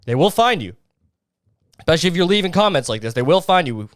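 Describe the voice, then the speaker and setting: A man's voice: on the high side, big pitch swings, quick pace, dry recording, studio quality. A man hosting a podcast, ranting in a crude, sarcastic and mocking way. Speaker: podcast host. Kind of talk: casual podcast rant.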